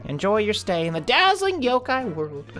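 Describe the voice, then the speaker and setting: A man's voice: high-pitched, wildly swooping pitch, moderate pace, fairly bright tone, faint music behind, voice pushed up, full character voice. A man voicing a flamboyant male fish yokai in a game, theatrical and welcoming. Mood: showy.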